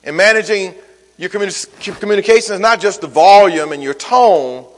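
A man's voice: high voice, moderate pace. Man preaching with lilt, hall reverb. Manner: dynamic preacher, swings from loud emphasis to soft acted asides. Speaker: pastor. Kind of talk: sermon.

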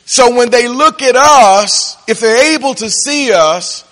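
A man with a high-pitched voice preaches a sermon, drawing out key words slowly, then speeding up and breaking into laughter at his own punchlines. His voice rings through a big hall with a long, trailing reverb. The delivery is a pastor working the congregation, soft one moment and loud the next. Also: expressive.

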